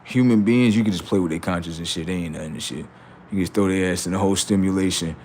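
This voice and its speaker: A man's voice: low voice, fast talker, a little mellow, a little hiss or hum. A man ranting on a livestream, profane and mocking, laughing often. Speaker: streamer. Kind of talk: casual livestream rant.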